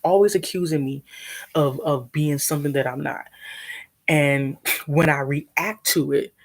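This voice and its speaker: A woman speaks to her livestream audience in a low, husky voice with plenty of gravel. She talks bluntly and animatedly and swears freely. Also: a little slow. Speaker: live streamer. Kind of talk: venting on a livestream.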